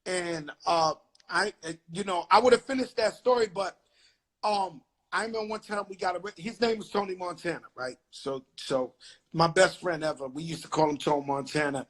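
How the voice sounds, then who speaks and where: A man's voice: high-pitched, normal speed. A man from the Bronx hosting a live video chat over a phone, telling street stories with lots of swearing. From the Bronx, New York. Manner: animated, swearing, acts out quotes loudly. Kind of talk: casual storytelling chat. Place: home, live video call. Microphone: phone video call.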